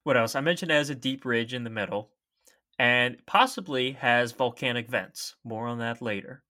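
A young man helps host a casual science podcast, explaining facts in an easygoing, chatty style. His medium-pitched voice sounds pushed and bright.

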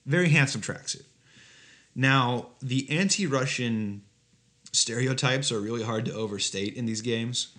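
A man's voice: medium pitch, unhurried, a bit bright. Sarcastic man joking through a podcast. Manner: sarcastic, mock-outraged, profane. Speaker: podcast co-host. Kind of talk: comedic casual chat.

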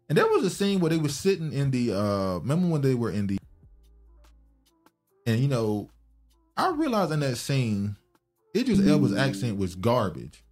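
Low-voiced guy hosting a podcast, laughy, voice jumps up when he's hyped, faint music behind. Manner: laughs often, talks over others, jumps in pitch when excited. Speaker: podcast host. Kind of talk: casual chat.

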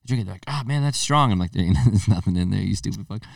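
A man's voice: deep voice, very fast, vocal fry, dry recording, clean studio sound, distant mic. A man co-hosting a podcast, chatting casually and acting out the people in his stories. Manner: animated storyteller acting out voices. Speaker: podcast co-host. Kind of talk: casual chat.

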